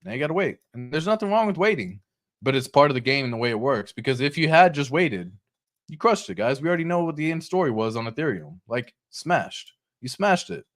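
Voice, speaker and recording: Guy rambling about crypto charts, slangy and hyped, mid pitch. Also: fairly quick. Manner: excitable, chatty, slangy, laughs often. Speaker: crypto channel host. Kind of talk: casual market commentary over charts.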